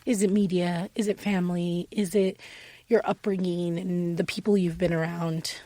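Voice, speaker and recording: A woman's voice: lowish voice, flat delivery, moderate pace, dark tone, no echo. A woman hosting a candid podcast, chatty and laughing often, with many restarts. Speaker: podcast host.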